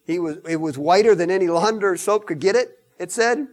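A man preaching a sermon in an animated, emphatic way, mixing in joking asides. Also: high voice, a little fast.

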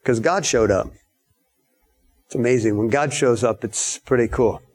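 A man preaching a sermon in a storytelling way, acting out the lines of the people in his story with sudden high shouts. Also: measured pace.

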